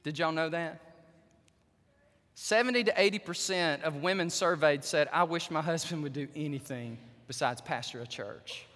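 Pastor, man, bright high voice, animated sermon, reverberant church hall. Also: moderate pace. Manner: animated preaching that swings from quiet asides to loud emphatic peaks. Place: church sanctuary.

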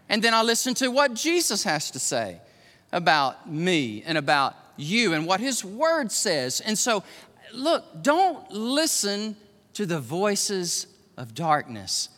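A man's voice: high voice, unhurried, big-room sound. A man in his fifties, a pastor preaching a sermon, telling stories with acted-out voices and frequent laughter. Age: 50s. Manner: animated storytelling, acts out voices, laughs often.

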